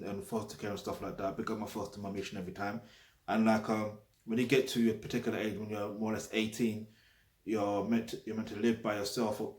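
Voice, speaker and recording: With a lowish voice and a roomy echo around him, a London vlogger chats casually to camera. His manner is blunt and emphatic, peppered with tag questions and swear words.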